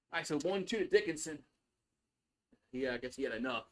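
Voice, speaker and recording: A man's voice: fairly high pitch, background noise. Chatty man calling a game on stream. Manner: loose and chatty, swears freely. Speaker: live stream sports host. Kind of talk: casual play-by-play commentary.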